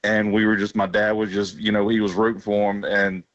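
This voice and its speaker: A man's voice: fairly low pitch, level tone, fairly quick, dry recording. A man from Alabama calling in to a sports radio show, talking emotionally and in a rambling way about his team. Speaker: radio caller. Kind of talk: emotional phone-in call. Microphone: phone. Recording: dull phone line.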